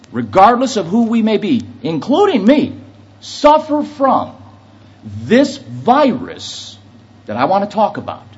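Husky-voiced man preaching a sermon. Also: sits high, darkish tone, muffled recording. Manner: storytelling, building to emphatic preaching. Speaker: pastor.

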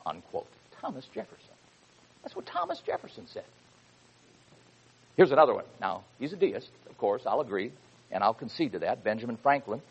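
A man's voice: medium pitch, wildly swooping pitch, moderate pace, vocal fry, long pauses, husky, lo-fi sound. A man preaching a sermon from the pulpit, speaking emphatically and reading quotations with rising fervor.

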